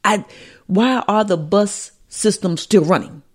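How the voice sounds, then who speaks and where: A woman's voice: medium pitch, slow, slightly rough. A woman co-hosting a podcast in a small studio, chatting casually and saying okay a lot. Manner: animated, repeats words, says okay a lot. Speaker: podcast co-host. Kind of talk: casual chat.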